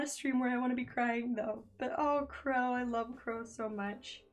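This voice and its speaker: A woman's voice: a little high, fairly even intonation, moderate pace, hardly any pauses, faint music behind. A young woman streaming from a makeshift home setup, chatting nervously and giggling while she draws, often losing her train of thought. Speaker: streamer and digital artist. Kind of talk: casual live-stream chat while drawing. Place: home room by a window. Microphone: studio microphone in a makeshift home setup.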